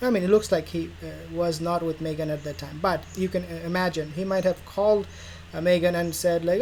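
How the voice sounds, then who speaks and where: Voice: mid-range voice, fairly even intonation, brisk, a little mellow, rough recording. A royal news vlogger who rambles casually and sarcastically, acting out imagined dialogues. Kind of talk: casual commentary vlog. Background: faint background noise.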